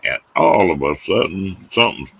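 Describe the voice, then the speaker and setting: A man's voice: sits low, sing-song, normal speed, vocal fry, breathy edge, no room sound, lo-fi sound. A middle-aged man, hosting and telling folksy stories in a casual, laughing way. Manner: folksy, drawling yarn-spinner who laughs at his own tales. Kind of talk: casual storytelling on a live show.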